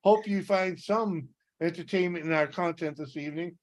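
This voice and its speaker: A man hosting a casual livestream, relaxed and greeting his viewers by name. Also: on the high side, moderate pace. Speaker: livestream host.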